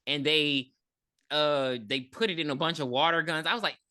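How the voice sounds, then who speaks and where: A woman co-hosting a podcast, recapping a horror movie in a casual, profane, animated way with acted-out quotes. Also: deep voice, moderate pace. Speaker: podcast co-host.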